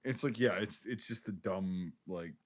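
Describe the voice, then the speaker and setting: A man's voice: low voice, measured pace. A man co-hosting a podcast, reviewing a war film in loose, rambling talk with casual swearing. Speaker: podcast co-host.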